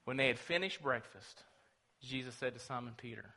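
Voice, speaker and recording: A man preaching a sermon, telling the story dramatically and swinging between loud and hushed. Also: mid-range voice, fairly quick. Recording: long reverb of a large hall.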